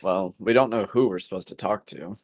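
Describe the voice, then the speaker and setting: A man playing a tabletop game, calmly describing his character's actions. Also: deep voice, brisk. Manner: relaxed, describes actions in third person. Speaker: player. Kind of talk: casual tabletop play.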